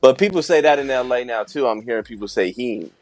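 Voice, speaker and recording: A man's voice: medium pitch, expressive, fast, a little mellow. A man co-hosting a podcast, telling stories in casual chat. He acts out quoted dialogue and laughs often. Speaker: podcast co-host.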